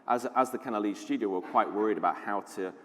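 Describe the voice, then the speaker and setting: Low-voiced british guy giving a conference talk, chatty and keen, reverb from the hall. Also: fast. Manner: enthusiastic storytelling, conversational with fillers. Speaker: conference speaker, lead designer.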